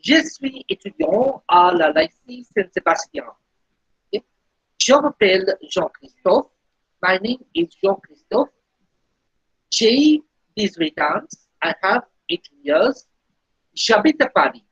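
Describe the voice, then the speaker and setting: Slow, patient woman teaching French. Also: on the high side, very animated, slightly rough, dry recording. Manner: slow, patient explaining with repetition. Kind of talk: recorded language lesson. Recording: dull lo-fi recording.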